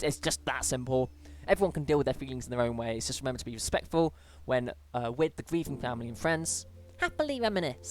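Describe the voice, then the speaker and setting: A British gamer casually commenting on a game and reading on-screen emails aloud, with chatty asides, small stumbles and sudden lifts in pitch. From Britain. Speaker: let's play gamer.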